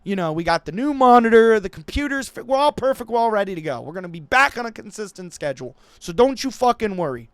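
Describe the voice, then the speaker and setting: Animated, swearing man ranting on news. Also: high-pitched, quick pace, hardly any pauses, smooth, no room sound, clean studio sound. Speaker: political commentary YouTuber. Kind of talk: profane reaction commentary reading news. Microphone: new desk microphone.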